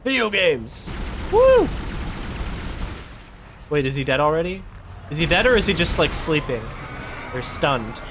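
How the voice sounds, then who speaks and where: A man's voice: a little high, animated, a little fast, background noise. A man streaming a horror game, joking sarcastically and talking back to the game. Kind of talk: gaming commentary.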